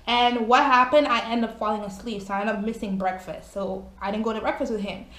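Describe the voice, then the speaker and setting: A young woman telling a storytime to her viewers, animated and exclamatory, chatty and cursing casually. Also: a little high, fairly quick. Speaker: vlogger. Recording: echoey room.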